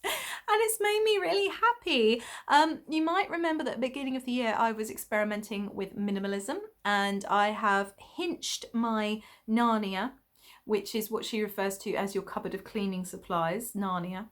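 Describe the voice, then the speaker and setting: A woman's voice: medium pitch, moderate pace. A woman from England, hosting a podcast in a rambling casual chat full of ums and small laughs. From England (Essex). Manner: chatty, rambling with many ums and little laughs. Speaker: podcast host.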